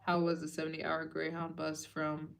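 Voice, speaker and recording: A woman's voice: completely flat delivery, normal speed, gravelly. Tired chatty woman on a late-night livestream. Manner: chatty and loose, fillers and repeats, drops to a low tired murmur. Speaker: travel vlogger hosting a fundraiser livestream.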